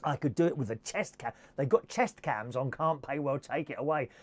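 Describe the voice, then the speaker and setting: A man's voice: mid-range voice, a little fast. A man giving a camp, theatrical comic monologue, slipping into posh and working-class voices. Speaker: comedy presenter.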